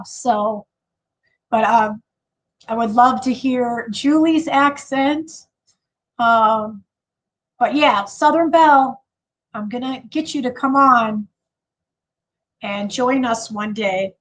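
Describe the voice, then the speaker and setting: Slow-talking chatty woman with a Chicago accent. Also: fairly high pitch, poor audio. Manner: chatty, laughs often, many fillers and restarts. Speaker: livestream host. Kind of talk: casual live chat.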